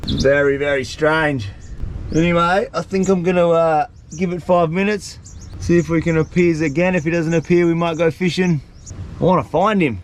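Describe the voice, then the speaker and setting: A man vlogging in the bush, talking to camera in excitable bursts. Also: a little high, normal speed, slight background noise. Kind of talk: casual outdoor vlog talk. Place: outdoors in the bush.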